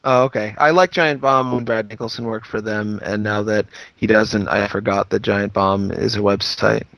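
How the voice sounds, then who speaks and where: Man host, deadpan and offbeat, medium pitch, dry close sound. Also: moderate pace, vocal fry, dry recording. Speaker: podcast host reading listener questions. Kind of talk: casual podcast banter.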